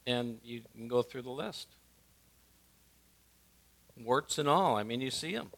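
A male pastor, preaching a sermon and swinging from emphatic lines to hushed ones. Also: medium pitch, expressive, measured pace, creaky.

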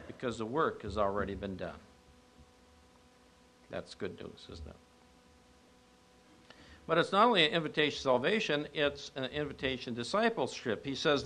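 Preaching as a pastor, this man tells stories and poses rhetorical questions, swinging between forceful, emphatic highs and soft, low passages.

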